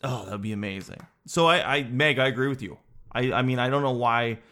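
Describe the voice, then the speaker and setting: A male comedian talks alone on his podcast in a casual, rambling way. He jokes freely, swears now and then, and wanders from one bit to the next with animated asides. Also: medium pitch, a little fast. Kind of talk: casual solo podcast chat.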